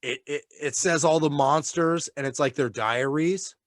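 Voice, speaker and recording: Animated, swearing dad co-host. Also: male voice, a little high, normal speed, no echo, clean studio sound. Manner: animated, swearing, laughs often. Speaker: podcast co-host and father. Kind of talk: casual chat.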